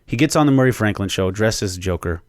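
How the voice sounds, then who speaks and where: Low-voiced man excitedly recapping a movie. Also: fast, no room sound, clean studio sound. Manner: excited storytelling with frequent swearing; rambling, with fillers and restarts. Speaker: podcast host. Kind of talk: casual movie spoiler recap.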